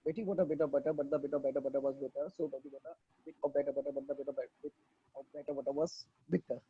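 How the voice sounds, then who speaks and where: Fast polite man on a dull call line. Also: mid-range voice, steady tone, breathy edge. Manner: polite, quick, addresses teacher as sir. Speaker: webinar participant. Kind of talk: reciting a tongue twister on a video call. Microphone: distant laptop mic on video call.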